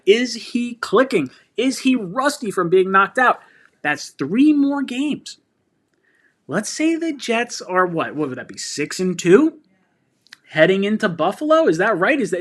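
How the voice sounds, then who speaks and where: A man hosting a live sports fan stream, chatting and reacting to viewer comments. His voice is bright and forceful and sits a little high. He gets excitable and fired up, often breaking into laughter and shouts. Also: normal speed. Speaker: sports fan channel host.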